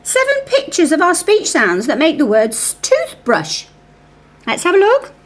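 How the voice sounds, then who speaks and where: Female reading teacher, high and very lively pitch, unhurried sing-song phonics coaching. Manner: slow, sing-song sounding out of speech sounds; coaxing, talks to a puppet helper. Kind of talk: phonics lesson for young children.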